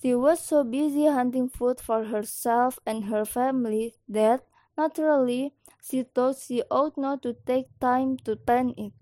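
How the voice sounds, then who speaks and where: A woman reading a children's story aloud in a gentle, expressive way. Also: high-pitched, unhurried, no room sound.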